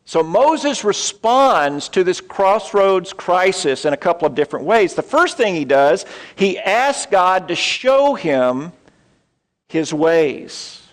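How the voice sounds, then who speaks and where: This middle-aged pastor speaks high and with wide swings in pitch, his sermon echoing through a large church auditorium. He works through a story with pauses along the way and side comments directed at the congregation.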